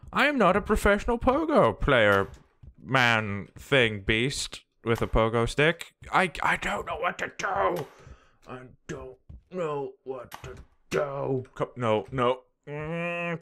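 Frantic, swearing young gaming host. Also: male voice, mid-range voice, big pitch swings, takes it slowly. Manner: frantic, swearing, yelling at the game. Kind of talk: let's play commentary.

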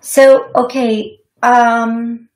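A fairly high-pitched woman taking calls as a psychic medium on a radio call-in show, speaking in an unhurried way. She is chatty and reassuring and slips into giggly asides. The sound is roomy and echoey. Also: little pitch movement, darkish tone.

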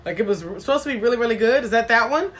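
A woman with a slightly high, animated voice talks very fast over slight background noise while hosting a casual live stream. Bubbly and chatty, she greets viewers by name and reads their comments out loud.

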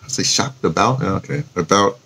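A man's voice: deep voice, expressive, brisk, sharp tone, slightly rough. A man with a New York accent talking casually and rambling to camera in a vlog, thinking aloud as he types a post. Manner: chatty, self-talk while typing a post, spells words aloud. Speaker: vlogger.

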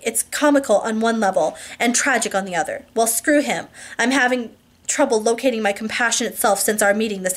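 Reading aloud from a first-person novel, a woman with a fairly high voice slows down to emphasize lines. She drops in small asides and goes back to correct words she fumbles.

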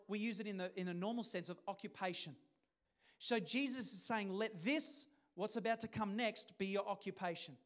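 A man preaching a sermon as pastor, talking in a conversational way and putting questions to the congregation. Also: high-pitched.

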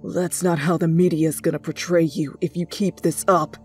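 A woman voicing a calm, wry male hero in an audio fanfiction reading. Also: deep voice, normal speed, faint music behind, lightly acted.

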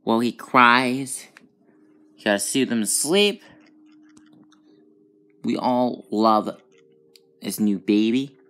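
A woman hosting a gaming channel, talking through gameplay in a rambling, excitable way with sudden high outbursts. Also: takes it slowly, long pauses. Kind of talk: casual gameplay commentary.

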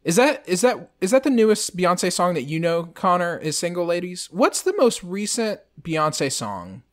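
A man's voice: high-pitched, big pitch swings, moderate pace. A man co-hosting a podcast, chatting casually in a rambling, jokey way. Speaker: podcast co-host. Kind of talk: casual chat.

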